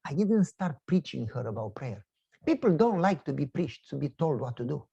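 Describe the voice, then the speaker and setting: Husky, lively male preacher telling a story. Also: fairly high pitch, normal speed, dull audio. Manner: animated, acts out dialogue in a story. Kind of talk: sermon storytelling.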